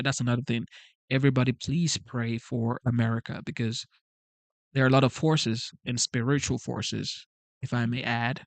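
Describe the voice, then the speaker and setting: An immigrant man who doesn't speak English as his first language hosts a casual livestream, reading the live chat aloud. His medium-pitched voice comes across earnest and pleading, and he repeats himself. The recording has no room sound.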